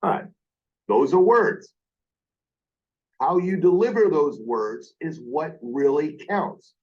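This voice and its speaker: A man's voice: on the high side, expressive, takes it slowly, muffled recording. A man training call-center staff on phone sales, speaking emphatically and repeating his key points. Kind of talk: coaching a call-center team.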